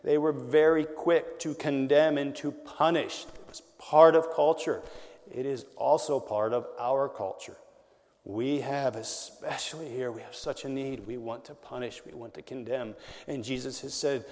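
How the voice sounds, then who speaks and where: A man preaching a conversational sermon as a pastor, swinging between loud emphasis and quiet, intimate lines. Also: mid-range voice, fairly even intonation, measured pace, big-room sound.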